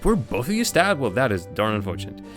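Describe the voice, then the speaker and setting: A man's voice: mid-range voice, huge pitch swings, fast, a bit bright, faint music behind. A man streaming a game live, thinking aloud in casual commentary with frequent restarts.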